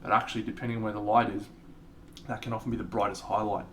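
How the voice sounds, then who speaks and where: A man's voice: lowish voice, little pitch movement, fast, fairly bright tone, recorded from a distance, a little hiss or hum. A man with an Australian accent, chatting casually and rambling as he paints miniatures on a live stream and answers viewers.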